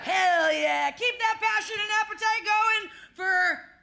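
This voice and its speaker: A woman's voice: very high-pitched, slow, creaky, pushed and bright, a faint crowd. A woman hosting a live show at a small club, cheering and building hype. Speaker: host.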